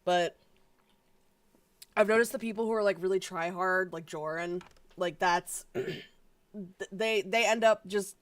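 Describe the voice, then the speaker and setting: A woman's voice: medium pitch, measured pace, long pauses. A woman streamer chatting casually on a live stream, rambling with lots of filler words, stammered restarts and swearing.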